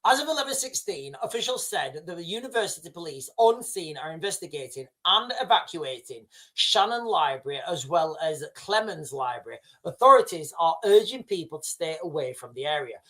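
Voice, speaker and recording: A man's voice: on the high side, big pitch swings, a little fast, hardly any pauses, pushed and bright. Rambling man hosting a livestream. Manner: rambling, full of fillers and restarts. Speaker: livestream host. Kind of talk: casual live commentary.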